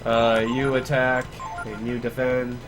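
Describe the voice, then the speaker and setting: A man's voice: mid-range voice, little pitch movement, slow, music in the background. A man giving casual live commentary on his speedrun, chatty and grumbling about mistakes. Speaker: speedrunner streamer.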